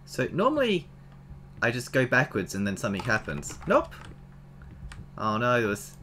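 A man narrating his own playthrough in a casual, chatty way, his voice leaping wildly up and down as he exclaims at each discovery. His tone is bright and sharp, and he talks straight to his viewers. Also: medium pitch, huge pitch swings, moderate pace, slight background noise. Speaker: let's play gamer. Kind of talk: casual game commentary.

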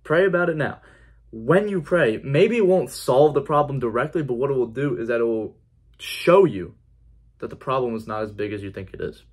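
A man's voice: mid-range voice, animated, normal speed, a little mellow, breathy edge. A man giving an earnest personal faith testimony in a conversational vlog style, repeating key phrases for emphasis. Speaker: faith vlogger.

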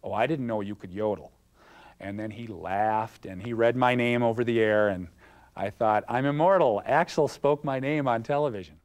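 A man's voice: mid-range voice, normal speed. A man in an interview, fondly recalling a childhood TV show through anecdotes. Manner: fond, anecdotal. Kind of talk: reminiscing interview.

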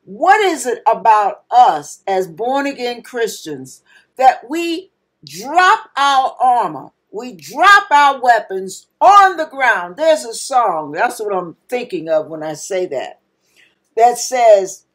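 Emphatic woman preaching a slow, lively sermon. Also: a little high. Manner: preachy, emphatic, acts out panicked cries. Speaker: pastor.

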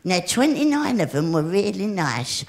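A woman performs live stand-up, cheeky and rambling, addressing the audience directly in a mid-range voice with big pitch swings at a moderate pace. The room is echoey, with crowd noise and laughter in the background.

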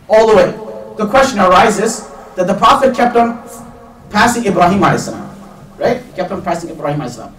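A male religious teacher lectures to a live audience in a chatty storytelling manner. His voice sits a little high and the words come quickly. The recording is echoey, with the mic some distance away. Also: animated, a bit bright. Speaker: Islamic teacher. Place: lecture hall before an audience. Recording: echoey room, mic far off.

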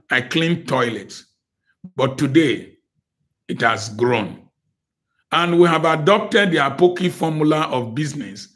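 Older man, guest lecturer, preacherly, emphatic, slightly high voice. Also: a bit bright. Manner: emphatic, preacherly, with repeated phrases. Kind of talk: motivational lecture.

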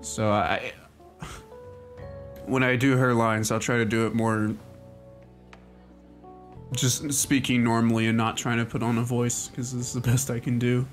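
A man's voice: medium pitch, flat delivery, a little slow, pauses often. Chatty man streaming a game. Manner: rambling and chatty, lots of "like", laughs often. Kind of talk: casual gaming commentary. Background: game music.

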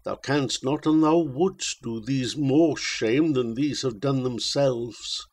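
A man reading the lines of a scheming, mocking damsel in a narrative poem, slow and insinuating. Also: mid-range voice, a little mellow. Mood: sly.

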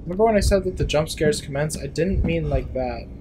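A man talking through a horror game in a slightly high voice, half muttering and swearing under his breath whenever something startles him. Game sounds carry clearly beneath his voice. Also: fairly quick, background noise. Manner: jumpy, mutters to himself, swears when startled. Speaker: gameplay YouTuber. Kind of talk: horror game let's play commentary.

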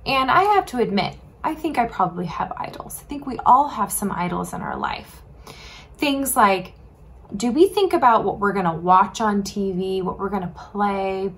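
A woman teaching a children's sermon, telling a Bible story casually and asking the kids questions. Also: fairly high pitch. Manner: animated, asks children questions; casual, says "like" often.

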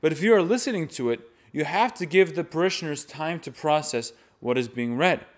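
Guy explaining how to chant the epistle, slightly high voice, plain and steady. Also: brisk. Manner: plain, explanatory, with sung demonstrations. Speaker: chant teacher. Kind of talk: instructional talk to camera.

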